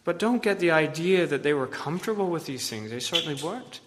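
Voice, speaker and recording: A man preaching a sermon with earnest emphasis, rising to loud points and dropping to hushed low phrases. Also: lively intonation, quick pace. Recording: long hall reverb.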